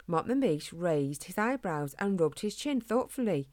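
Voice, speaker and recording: A woman's voice: lowish voice, measured pace, hardly any pauses. Woman reading a children's story. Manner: gentle, expressive reading.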